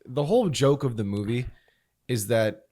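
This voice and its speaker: A young man co-hosting a podcast in casual chat, animated and easygoing, who swears freely and talks with a lot of fillers. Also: mid-range voice, moderate pace. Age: young adult. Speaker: podcast co-host.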